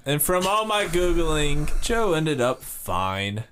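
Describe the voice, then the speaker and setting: A man's voice: a little high, very animated, takes it slowly, fairly bright tone, a little hiss or hum. A man co-hosting a podcast, reading out facts in casual chat with a dry, sarcastic edge. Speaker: podcast co-host.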